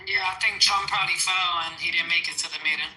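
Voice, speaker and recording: A woman's voice: lowish voice, fairly even intonation, fast, pushed and bright. A woman in a casual podcast chat, joking and laughing often. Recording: roomy echo, music behind.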